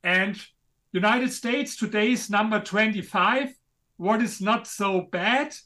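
A man with a German accent talks in an interview, emphatic and a little halting. His voice sits high for a man and sounds bright and forceful. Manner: emphatic, a bit halting, non-native grammar. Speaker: author and guest. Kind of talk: interview conversation.

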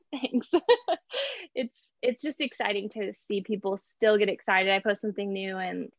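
A woman's voice: mid-range voice, unhurried, dry recording, lo-fi sound. A young woman, an artist and small business owner, chatting casually as an interview guest, laughing often and filling with "like" and "you know".

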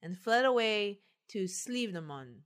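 A woman's voice: mid-range voice, animated, a little slow. A woman hosting a podcast, reading a folk tale aloud and joking with friends. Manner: playful, laughs often. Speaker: podcast host. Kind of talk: reading folklore aloud in casual chat.

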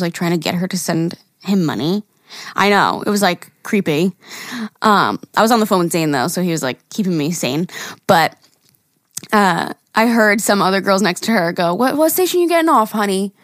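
A woman's voice: lowish voice, normal speed, dry recording, clean studio sound. A young woman, co-hosting a podcast and telling a story in casual chat, acting out quotes and swearing freely. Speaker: podcast co-host.

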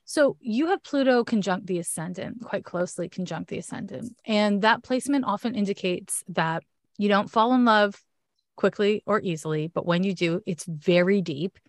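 A woman's voice: mid-range voice, moderate pace, no echo. A woman with a Canadian accent giving a frank, chatty astrology reading in a casual one-on-one talk. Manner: chatty, frank, laughs often.

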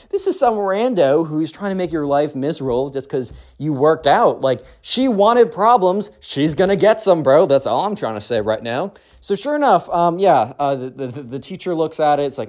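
A young man telling a story in a casual, slangy, excitable way. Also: on the high side. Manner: slangy, excitable, lots of 'bro' and 'like'.

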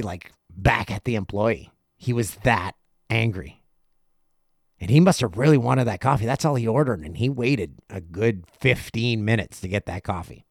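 A middle-aged man hosting a podcast, telling a casual story and acting out other people's lines in quick asides. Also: medium pitch, gravelly, no echo, clean studio sound. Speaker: podcast host.

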